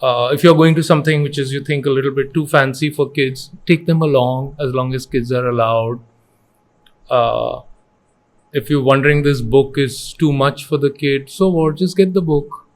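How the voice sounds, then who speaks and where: A middle-aged man from India with an Indian English accent, a company founder telling stories earnestly in an interview and mixing in Hindi phrases. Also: mid-range voice. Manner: earnest, animated storyteller who acts out quotes. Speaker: education company founder, guest.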